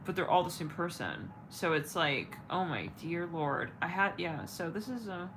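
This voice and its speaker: Rambling low-voiced woman tarot host. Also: animated, moderate pace, noisy background. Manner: rambling, searching for words, frequent fillers and swearing. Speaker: tarot reader and channel host. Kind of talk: casual livestream chat.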